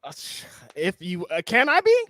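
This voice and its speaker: A man's voice: sits high, huge pitch swings, normal speed, sharp tone. A man co-hosting a casual live-stream chat, laid-back and teasing, laughing often. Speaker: co-host.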